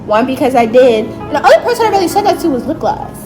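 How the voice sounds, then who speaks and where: High-voiced teen girl, animated storyteller. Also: fast talker, music in the background, low-quality recording. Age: late teens. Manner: animated, emphatic retelling with slang and asides. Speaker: vlogger. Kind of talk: storytime narration.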